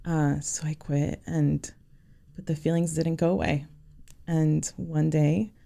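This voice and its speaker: A woman speaks as a podcast guest in a low, heavily gravelly voice. She tells a personal story sincerely, pausing often and leaning on "you know". The tone is dark and mellow. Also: flat delivery. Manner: sincere, halting, many "you know" fillers.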